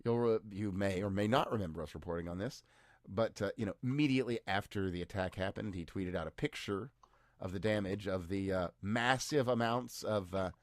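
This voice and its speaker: A man's voice: lowish voice, a little fast, dry recording. A man co-hosting a podcast, giving news commentary in a dry, sarcastic way with mock-cheerful asides. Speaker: podcast co-host.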